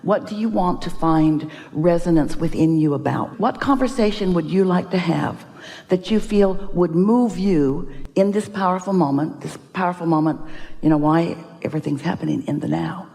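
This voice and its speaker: A woman giving an inspirational seminar talk, speaking as "we" with emphatic, drawn-out "oh"s and sighs. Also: fairly low pitch, vocal fry, warm tone, long reverb tail. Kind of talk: live motivational seminar talk.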